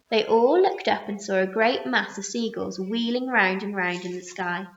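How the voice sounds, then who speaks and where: A woman teacher reading a children's story aloud with expressive storytelling. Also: medium pitch, normal speed, few pauses. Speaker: primary school teacher. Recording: roomy muffled recording.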